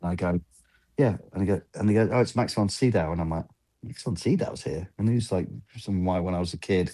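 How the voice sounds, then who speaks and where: Low, mellow-voiced man telling rambling stories. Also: fast talker. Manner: rambling anecdotes, acting out quoted exchanges. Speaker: film lighting gaffer, guest. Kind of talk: casual interview storytelling.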